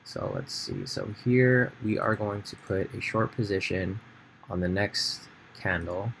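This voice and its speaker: Low-voiced man explaining trades casually. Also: huge pitch swings, unhurried, vocal fry, fairly bright tone, slight background noise. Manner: casual, thinks aloud with fillers and restarts. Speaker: trading educator. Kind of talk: screen-share trading tutorial.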